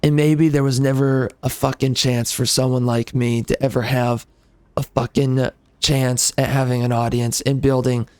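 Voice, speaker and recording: A man's voice: mid-range voice, no room sound. Furious swearing man ranting. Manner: bitter, profane, shouting at the viewers. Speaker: gaming channel host. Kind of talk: angry rant to the audience.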